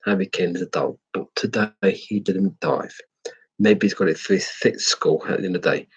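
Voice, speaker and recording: English man, deep raspy voice, opinionated fan doing a casual match review. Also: steady tone, fairly quick, low-quality recording. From England. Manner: rambling, opinionated, swears freely.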